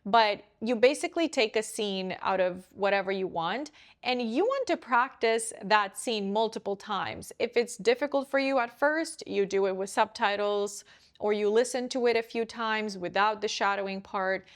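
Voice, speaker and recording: A woman's voice: mid-range voice, normal speed. A young woman giving a casual pronunciation lesson to camera, chatty and often checking in with the viewer as she explains. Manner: chatty, often checks in with "right?" and "you know". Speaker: English pronunciation coach.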